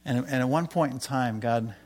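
A middle-aged man preaching through his own testimony, with the easy rhythm of storytelling. He gets louder and brighter when excited, then drops to near-whispers for quoted asides. The pitch sits in a middling range. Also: normal speed. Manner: animated storytelling, rising loud when excited, dropping low for quoted asides. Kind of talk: sermon with personal testimony.

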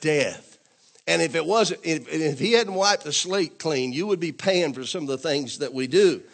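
A man's voice: a little high, animated, moderate pace. A man preaching a sermon in a church, calling on the congregation to say amen and building to emphatic, repeated declarations. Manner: call-and-response preaching, asks congregation to say amen; repetitive, emphatic, rising to louder declarations.

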